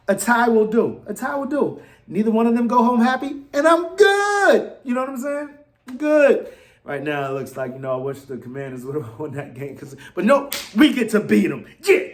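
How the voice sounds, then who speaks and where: An excitable man, probably in his thirties, rants to his fans in a casual vlog, going from low mutters to loud outbursts. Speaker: fan channel host. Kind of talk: animated fan rant to camera.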